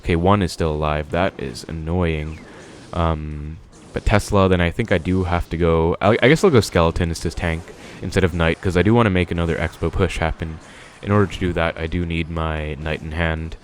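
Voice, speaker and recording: Young man, very low voice, casual gameplay commentary, thinks aloud, faint background hum. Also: a little fast. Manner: relaxed, thinking aloud with many fillers. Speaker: gaming video creator.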